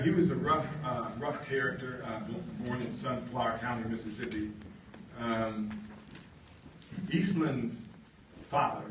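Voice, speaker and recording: Brief: bright-toned male author at a lecture, heard from across a roomy hall with faint hum. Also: mid-range voice, far from the mic. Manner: animated, acts out voices. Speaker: author giving a talk. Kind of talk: lively storytelling lecture.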